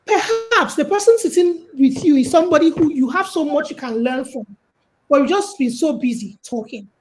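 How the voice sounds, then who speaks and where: A woman's voice: high-pitched, normal speed, slight background noise, low-quality recording. A Nigerian woman giving casual life and money advice on a call, telling stories and acting out quotes. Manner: lively, storytelling with acted-out quotes. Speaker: guest speaker.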